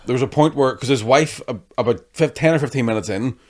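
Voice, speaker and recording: A man's voice: mid-range voice, quick pace. A young man chatting on a podcast, swearing freely and acting out people in his stories. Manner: swears constantly, acts out hecklers in animated storytelling. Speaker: comedian guest. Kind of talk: casual podcast chat.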